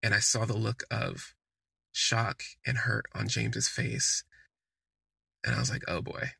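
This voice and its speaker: A man tells a candid story from his own life in a casual, conversational way. His voice is gravelly, bright and a little husky. The recording is dry and close to the mic. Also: lowish voice, animated, measured pace, no room sound. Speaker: podcast host.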